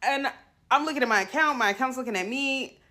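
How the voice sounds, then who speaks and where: Woman, casual storytelling rant, acts out both sides of the exchange, slightly high voice. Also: quick pace, bright, forceful tone. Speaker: tenant ranting about her landlord.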